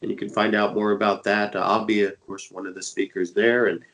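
A man's voice: fairly low pitch, little pitch movement, brisk, a bit bright, low-quality recording. Man, congested, stuffy from a cold, religious radio co-host, eager, talkative. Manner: eager and talkative, with many fillers. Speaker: co-host and internet evangelist. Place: Dallas, Texas area.

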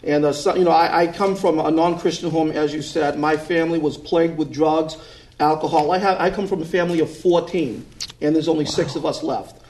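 A man's voice: on the high side, steady tone, a little fast, darkish tone. A middle-aged man with a Boston accent, telling his story as a guest in an earnest, emphatic way. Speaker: ministry founder, guest. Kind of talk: interview testimony.

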